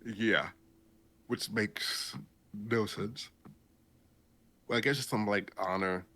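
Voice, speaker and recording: Slow-paced and on the low side, a young man's pushed, bright voice carries his podcast. As host, he rambles casually through a recap of a story, laughing while he tells it.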